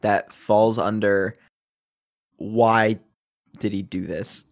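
A man's voice: lowish voice, steady tone, drawn-out words, creaky. Playful man, laughing often. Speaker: podcast co-host. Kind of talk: casual chat.

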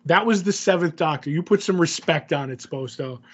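A man with a notably high voice co-hosts a casual podcast and jumps in with quick fan-trivia corrections and joking remarks. The sound is dull and lo-fi. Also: breathy edge. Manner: chimes in with quick nerdy corrections and jokes. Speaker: podcast co-host.

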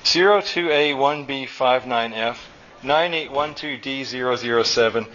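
A man's voice: mid-range voice, measured pace, a bit bright, dull audio, close to an everyday voice. A man reading aloud, voicing a stubborn young boy obsessed with computer code. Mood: reciting.

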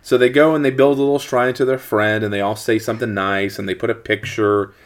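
A man in casual chat, retelling a horror movie plot in a rambling, animated way. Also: on the low side, brisk. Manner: rambling, animated storytelling with acted quotes.

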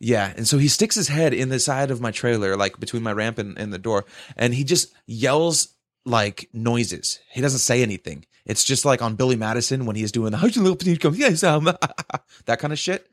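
A man's voice: mid-range voice, moderate pace, dry recording, clean studio sound. A man telling a long, profane story in a rambling casual way, often tagging "right?" onto his sentences. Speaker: podcast co-host telling a story.

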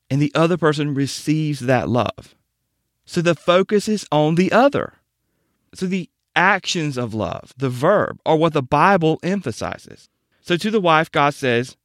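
Man, slightly high voice, Bible-based marriage teaching, measured and emphatic, dry close sound. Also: fairly bright tone, no echo. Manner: measured, emphatic, slows down to stress key words.

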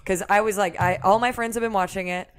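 A comedy podcast co-host raving about a show in relaxed, chatty conversation. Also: medium pitch, fast, clear, resonant tone. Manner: enthusiastic storytelling. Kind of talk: casual comedy chat.

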